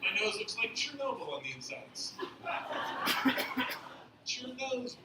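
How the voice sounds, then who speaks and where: Young man, American accent, high voice, profane self-mocking stand-up, echoey room, far from mic. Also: very animated, measured pace. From Australia. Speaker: stand-up comedian. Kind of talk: stand-up comedy set. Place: beer garden venue. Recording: echoey, distant mic, noisy ambience.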